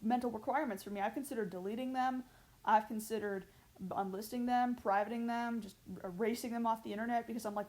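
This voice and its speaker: A woman YouTuber in a confessional vlog, talking in an earnest, emotional, self-critical way with halting pauses and restarts. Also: mid-range voice, darkish tone.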